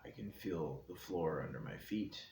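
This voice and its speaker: A deep-voiced man talks through his ideas in a thoughtful, meandering way, as if thinking aloud. He sits in an echoey indoor room, and a faint hiss runs underneath. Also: very animated, normal speed, creaky, a little mellow. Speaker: host. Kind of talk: casual reflective talk. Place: indoor room, seated in a chair.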